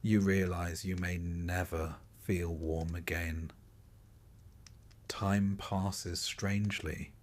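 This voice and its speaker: A man narrating a scripted sleep story in calm, even second-person storytelling. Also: deep voice, takes it slowly.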